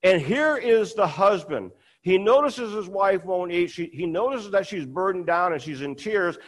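A man's voice: lively intonation, moderate pace. A man preaching a conversational sermon, retelling a scripture story and acting out the quoted lines. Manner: conversational, acts out quoted dialogue with rising pitch.

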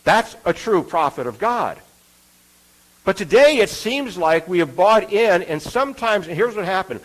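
A man's voice: sits high, animated, moderate pace, a bit bright, low-quality recording. A man preaching a sermon in an earnest, conversational way, often asking his listeners rhetorical questions.

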